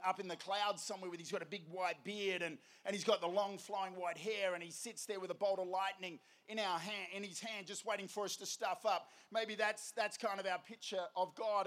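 Aussie preacher guy, kinda high voice, chatty and fired up, lots of questions at the crowd. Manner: energetic, conversational, rhetorical questions. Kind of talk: evangelistic sermon.

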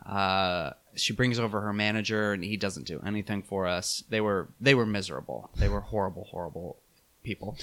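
A young man telling a travel story in a casual chat, animated and laughing, with many fillers. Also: lowish voice, moderate pace.

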